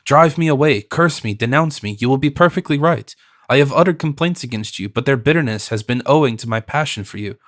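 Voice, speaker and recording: A lovesick young nobleman pleads in an impassioned, despairing voice, as a male narrator plays him. The delivery sits at a middling pitch in a dry, close recording. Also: expressive, fairly quick, fairly bright tone, no room sound, close to an everyday voice. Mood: anguished. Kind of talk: audiobook character reading.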